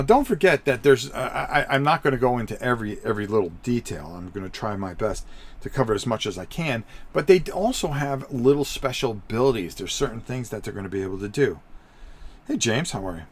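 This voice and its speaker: A middle-aged man hosting a live stream, walking viewers through tabletop game rules in a rambling, chatty way and often repeating himself. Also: medium pitch.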